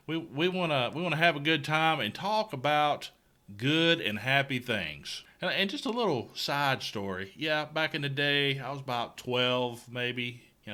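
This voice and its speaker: A mid-range-voiced man with a Southern US accent hosts a casual good-news show. He is folksy and excitable, often stammering and repeating words.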